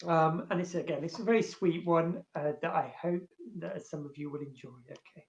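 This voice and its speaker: A man who works as a librarian, chatting casually at home and reading love poems aloud, with many fillers and a louder, more expressive voice when he recites. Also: fairly high pitch, normal speed, vocal fry, hardly any pauses. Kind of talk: casual chat and poetry reading. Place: at home, indoors. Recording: roomy, dull home recording.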